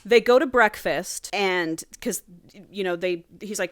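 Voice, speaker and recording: A woman co-hosting a casual book podcast, retelling the plot with lively quoted dialogue. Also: medium pitch, dry recording, studio quality. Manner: animated retelling, quick voiced quotes of characters. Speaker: podcast co-host. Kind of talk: casual book recap chat.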